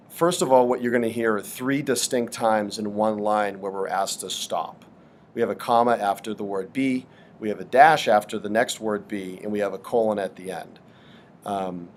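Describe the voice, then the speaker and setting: Low-voiced man explaining literature. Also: slight background noise. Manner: thoughtful, hesitant with many ums. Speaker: literature teacher. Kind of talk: explanatory lesson.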